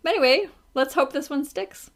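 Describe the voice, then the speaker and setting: A woman co-hosting a casual podcast chat, giggly, with quick asides and lots of filler words. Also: high-pitched. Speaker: podcast co-host.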